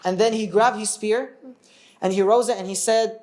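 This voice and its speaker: A man's voice: high-pitched, fairly even intonation, normal speed, darkish tone. A man teaching a religious story in a casual, conversational way, often checking in with his listeners and going off on tangents.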